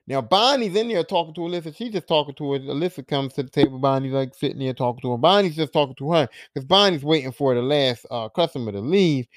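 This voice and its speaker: A man's voice: a little high, fast, hardly any pauses. A male podcast host giving a casual, profane, rambling recap of a TV show.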